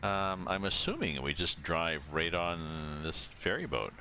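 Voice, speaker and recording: A man's voice: sits low, expressive, unhurried, sharp tone, slight background noise. An older Canadian man chatting casually and rambling while he streams a driving game from home. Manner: rambling, chatty, thinking aloud. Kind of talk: casual chat while playing.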